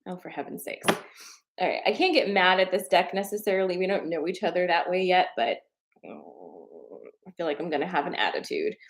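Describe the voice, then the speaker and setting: A woman's voice: on the low side, lively intonation, a little fast. Tearful, chatty young woman streaming live. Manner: emotional, chatty, swears, laughs through tears. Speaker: tarot reader and coach hosting a live stream. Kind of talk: casual live-stream chat with viewers.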